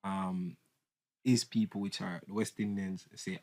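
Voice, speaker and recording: A lower-voiced man hosts a podcast discussion. He speaks in a measured way and sums up what others argued. He leads the talk with steady follow-up questions. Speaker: podcast host.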